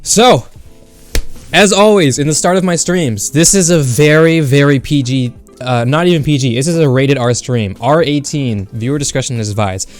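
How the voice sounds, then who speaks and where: A man's voice: medium pitch, moderate pace, faint music behind. A young man streaming from home into a desk mic, rambling bluntly with profanity and lots of fillers. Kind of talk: casual livestream chat.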